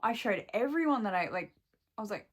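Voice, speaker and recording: A woman's voice: on the high side, lively intonation, a little fast, slightly rough. A young woman and shop worker venting to her camera at home, swearing heavily and rambling, close to tears. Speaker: vlogger and shop employee.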